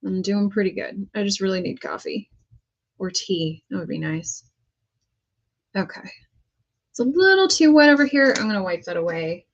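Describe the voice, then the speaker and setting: A woman from the United States chats away while she paints, thinking aloud and cracking little jokes. Her voice sits at an ordinary middle pitch. The recording sounds slightly dull and lo-fi. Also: animated, moderate pace, vocal fry, long pauses. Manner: chatty, self-talking while working, jokey asides. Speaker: prop painter. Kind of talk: casual crafting vlog talk.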